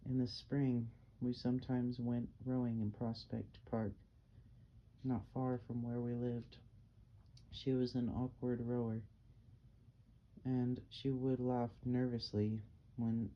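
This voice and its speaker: A man's voice: medium pitch, monotone, unhurried. A man reading a novel aloud as an amateur audiobook, plain and unpolished with small slips and restarts. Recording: dull lo-fi, faint hiss.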